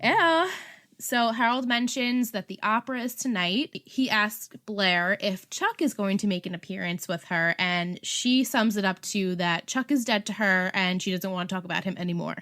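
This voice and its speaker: A woman co-hosting a podcast, chatting casually and retelling a TV episode in an animated way. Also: mid-range voice, moderate pace, hardly any pauses. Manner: chatty, animated storytelling with frequent fillers. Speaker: podcast co-host. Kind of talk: casual chat recapping a TV episode.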